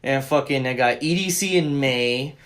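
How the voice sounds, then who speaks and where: A young man co-hosting a casual podcast chat, telling a rambling, profanity-laden story with excitable bursts, recorded on a phone. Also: mid-range voice, moderate pace. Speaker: podcast co-host.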